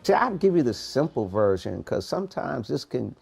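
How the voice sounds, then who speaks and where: A man hosting a morning podcast, giving a preachy, animated motivational talk in street-casual phrasing. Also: medium pitch, moderate pace, vocal fry, breathy edge, soft background music. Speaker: podcast host, motivational coach.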